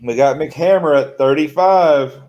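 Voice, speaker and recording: A man's voice: fairly high pitch, measured pace, a little mellow, dull audio. A man hosting a live-stream charity auction, calling out bids in a folksy way. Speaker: auction host.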